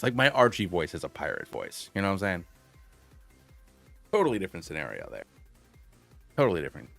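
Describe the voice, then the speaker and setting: Rambling low-voiced streamer man. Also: gravelly, fairly bright tone, dry recording. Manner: rambling, filler-heavy, self-deprecating. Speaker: gaming streamer. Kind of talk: casual live-stream chat.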